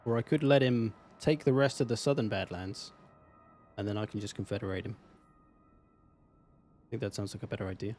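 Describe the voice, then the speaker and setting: A man's voice: fairly low pitch, steady tone, brisk, long pauses, a little mellow, soft background music. A man with an English accent, casually commenting on a strategy game on a live stream, swearing now and then and answering chat. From England. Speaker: gaming streamer.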